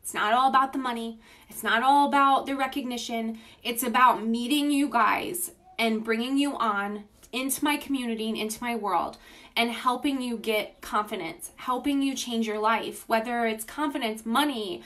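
A woman with a slightly high voice hosts a casual phone livestream, talking straight to her viewers. She sounds gushing and informal, full of enthusiasm as she greets people by name. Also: normal speed, a bit bright. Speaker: beauty business livestream host.

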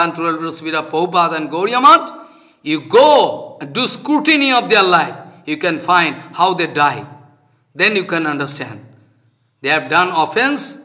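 A man's voice: a little high, bright, forceful tone. An older man, a spiritual teacher whose first language is Bengali, giving a devotional lecture in an emphatic, repetitive manner with non-native phrasing.

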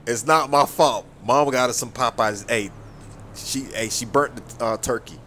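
Excitable young man, slangy gameplay banter. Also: measured pace, slight background noise. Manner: excitable slangy banter with sudden high yelps. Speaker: gaming YouTuber. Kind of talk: casual role-play gameplay commentary.

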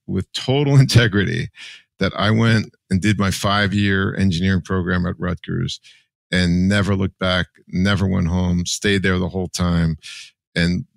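A man's voice: deep voice, steady tone, unhurried, vocal fry, dry recording. A man in his sixties from New Jersey, a podcast guest telling his life story candidly and with emotion. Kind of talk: personal storytelling.

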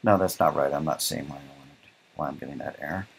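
Low husky guy teaching code live, keeps saying right?, laid back. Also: fast. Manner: casual, thinks aloud, keeps asking "right?". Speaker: programming instructor. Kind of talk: live-coding lecture.

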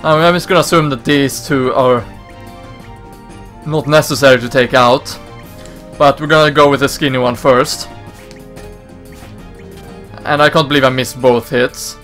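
A man's voice: mid-range voice, fairly even intonation, a little slow, long pauses, fairly bright tone, faint music behind. A man casually commenting on his gameplay in a chatty way, reading dialogue aloud in voices. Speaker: let's play host.

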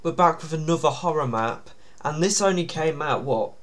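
A man's voice: fairly high pitch, animated, normal speed, a bit bright. A man giving nervous, jumpy commentary on a horror game, with sudden startled yelps. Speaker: gaming YouTuber.

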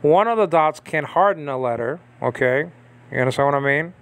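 A man giving a casual Bible language lesson, talking conversationally and checking in often with his listeners. He pauses and restarts as he reads text aloud from a screen. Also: fairly high pitch, expressive. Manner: conversational, checks in with frequent "okay?" and "you understand?". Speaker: Bible teacher.

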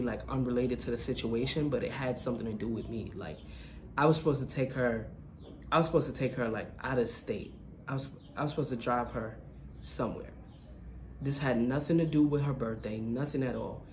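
A young adult vlogger tells a casual storytime in an animated, slangy way, often turning to listeners to check they follow. The voice sits at a middle pitch. A faint hiss runs under the recording.

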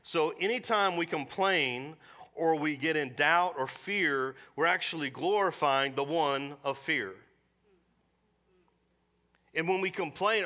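A middle-aged man preaching a sermon in a church, folksy and storytelling, slipping into quick voiced asides. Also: fairly high pitch, pushed and bright. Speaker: pastor. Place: church sanctuary.

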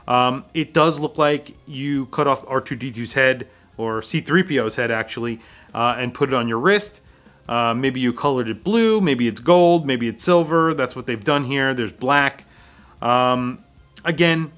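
A young man in a casual video review, poking dry fun at cheap watches. His voice sits in an ordinary middle pitch. He keeps the tone conversational and mildly sarcastic. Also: fairly bright tone. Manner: dry, mocking humor.

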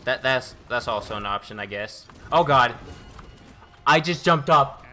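A man giving excitable, boastful live commentary while playing a video game as a gaming YouTuber. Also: medium pitch, measured pace.

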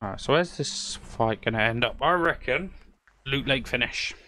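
A man streaming a game live, talking excitably to a teammate, swearing and breaking into quick laughs. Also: mid-range voice. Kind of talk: live gaming commentary.

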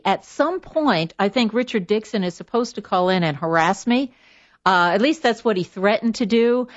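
A woman hosting a radio talk show, upbeat and quick to laugh, in casual chat with a guest in the studio. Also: mid-range voice, dry recording. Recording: dull, dry studio sound.

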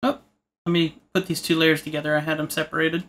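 Here a man hosts an art tutorial in a fairly high, slightly bright voice, speaking fast in a level tone. His narration while drawing is casual, peppered with jokes and rambling digressions.

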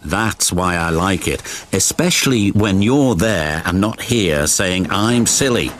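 A British man voicing a friendly old male tram engine who talks in a homely, gently teasing way. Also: low voice, animated, takes it slowly, heavily acted.

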